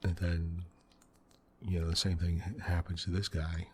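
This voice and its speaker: A man with a very deep, low voice talks in hushed, soft-spoken ASMR gaming commentary. He rambles loosely through a story, leaning on "you know" as he goes. A faint background hiss sits under his voice. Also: level tone, normal speed. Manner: quiet, hushed delivery. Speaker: gaming channel host.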